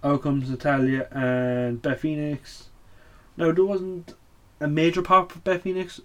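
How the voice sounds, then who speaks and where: A man's voice: on the high side, level tone, a little slow. A man hosting a casual show recap, blunt and opinionated, swearing often and full of fillers. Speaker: wrestling podcast host.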